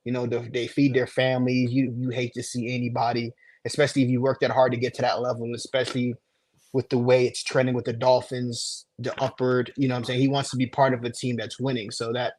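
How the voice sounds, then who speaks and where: A man's voice: medium pitch, a little mellow, no echo. A man co-hosting a sports podcast, chatting casually and trash-talking rivals with playful teasing. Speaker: podcast co-host.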